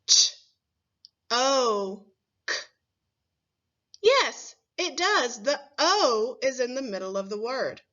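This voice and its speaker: A woman teaching young children their letter sounds, taking her time over each word and sounding it out with care. Her voice is bright and a little high, and the recording is dull and lo-fi. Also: very animated. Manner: slow, clearly sounded-out words with questions to the class. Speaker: first grade teacher. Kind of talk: phonics lesson for young children.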